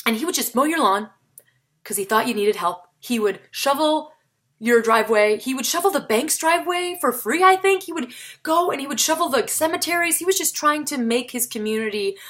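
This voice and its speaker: A woman talking casually to the camera in a vlog, chatty and animated, with sudden jumps in pitch for emphasis. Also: a little fast. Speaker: vlogger, comedian and solo performer.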